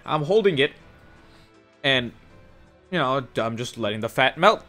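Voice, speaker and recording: A young man casually telling a work story for his gaming channel, animated and cursing, acting out the other people in shifting voices. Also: mid-range voice, a little slow. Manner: animated, swears, acts out quotes in shifting voices. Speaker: gaming youtuber. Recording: faint music underneath.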